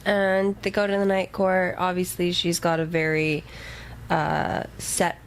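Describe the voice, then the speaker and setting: A woman co-hosting a relaxed book podcast, her low voice easygoing. She chimes in with steady affirmations, over a faint background hiss. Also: unhurried. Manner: relaxed, supportive listener, frequent affirmations. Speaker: podcast co-host. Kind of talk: casual book-club chat.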